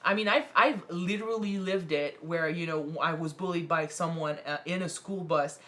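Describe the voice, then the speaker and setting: Woman with a fading voice, low-pitched. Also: moderate pace, sharp tone. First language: not English. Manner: rambling and earnest, with many "you know" fillers and restarts. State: losing her voice. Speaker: reaction video co-host. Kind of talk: casual chat.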